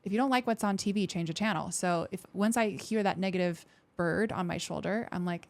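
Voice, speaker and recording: A woman with a slightly low voice talks as a guest in a casual interview. She speaks candidly and frankly, slipping into lively voices whenever she quotes what people say or think. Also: brisk. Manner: frank, with occasional swearing. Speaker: podcast guest, military veteran.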